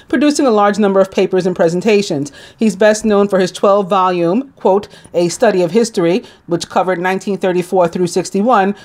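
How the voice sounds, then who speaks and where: A woman's voice: medium pitch, a little mellow. Woman, New York accent, tarot-channel host reading almanac items aloud; casual, trips on hard names. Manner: reads list aloud, stumbles on names, asides with a laugh. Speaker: tarot reader. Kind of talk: reading daily almanac notes.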